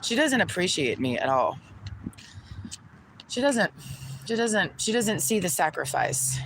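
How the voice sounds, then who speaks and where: A woman vents at length into her camera, aggrieved and circling back over the same complaints with frequent swearing. Her voice sits at an ordinary middle pitch. A clear layer of noise runs under the whole recording. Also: very animated, unhurried, a bit bright, poor audio. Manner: aggrieved, venting, repeats herself, swears. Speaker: vlogger. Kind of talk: personal rant to camera.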